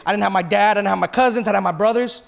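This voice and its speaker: A pastor in his thirties gives an emotional personal testimony during a church sermon, his high, creaky voice moving very fast. Confessional in tone, he quotes both himself and others.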